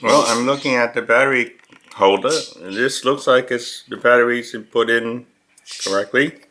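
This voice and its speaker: A man at home calmly explaining how he fixes a toy, step by step. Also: mid-range voice, a little hiss or hum. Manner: slow, methodical, step-by-step. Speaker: dad fixing a toy. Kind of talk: casual explanation. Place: at home indoors.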